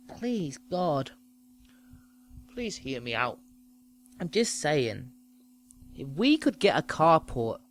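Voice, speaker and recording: A man's voice: on the high side, a little hiss or hum. A man doing an old husband begging his wife. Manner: pleading, then cursing.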